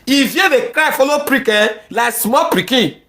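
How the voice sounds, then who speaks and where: A woman's voice: on the high side, expressive, normal speed, fairly bright tone. A woman with a Nigerian accent ranting angrily in heated social media commentary. She repeats herself often and mixes pidgin with English.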